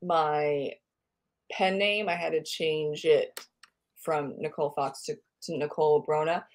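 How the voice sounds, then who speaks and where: A woman's voice: low-pitched, fairly even intonation, a little slow. An American woman hosting a podcast, chatting casually in a rambling, self-correcting way. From United States. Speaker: podcast host. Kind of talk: casual interview chat.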